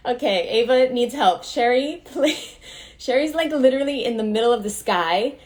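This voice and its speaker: A woman's voice: fairly high pitch, expressive, moderate pace, darkish tone, a little hiss or hum. A woman hosting an Instagram live from Miami, chatting with playful, teasing energy. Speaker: host.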